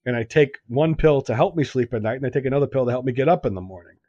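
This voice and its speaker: A man's voice: medium pitch, very fast, dark tone, dry recording, dull audio. A man on a casual podcast, telling a rambling anecdote full of quoted back-and-forth and repeating himself. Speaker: podcast co-host. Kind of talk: casual chat.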